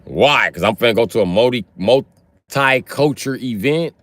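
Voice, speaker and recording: A man's voice: medium pitch, expressive, moderate pace, a bit bright, no echo. A young man from the Chicago area chatting casually with viewers on a phone livestream, rambling and profane with streetwise slang. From Chicago area, USA. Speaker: livestream host.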